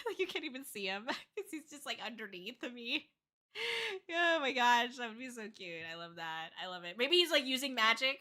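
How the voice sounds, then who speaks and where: A woman's voice: on the high side, sharp tone. A young woman streaming as a VTuber, chatting casually, gushing and giggling over artwork with frequent squeals. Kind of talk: casual livestream chat.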